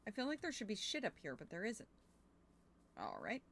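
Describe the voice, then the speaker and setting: A woman's voice: mid-range voice, wildly swooping pitch, normal speed, a bit bright, a little hiss or hum. Chatty young woman streaming a game. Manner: chatty, swears casually, thinks aloud while playing. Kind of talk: casual gameplay chat.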